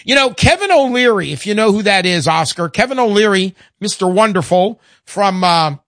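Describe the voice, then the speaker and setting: An older man hosts a call-in radio show in a high, lively voice that swoops up and down as he talks. He is chatty and keeps tripping over his own fillers. The sound is dry and close, with no room around it. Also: normal speed, no room sound. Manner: animated, chatty, self-interrupting with fillers.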